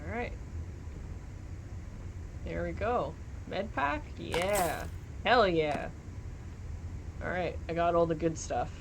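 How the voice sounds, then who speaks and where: A woman's voice: on the low side, slow, pauses often, background noise. A young woman streaming from home, chatting casually while gaming, giggling and joking as she reads chat aloud.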